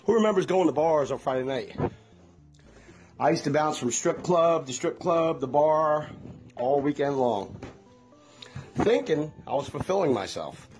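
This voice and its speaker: A man's voice: on the high side, animated, a little slow, long pauses, darkish tone, soft background music. A middle-aged man rambling in a folksy, chatty way, talking straight to his viewers in a casual monologue. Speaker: vlogger.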